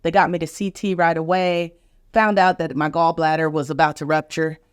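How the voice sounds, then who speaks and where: This podcast host, a middle-aged woman physician, has a deep, clear, resonant voice and a flat delivery at moderate pace. She earnestly, emotionally and emphatically retells a vivid personal episode, acting out everyone else's lines. The sound is clean studio audio with no room sound.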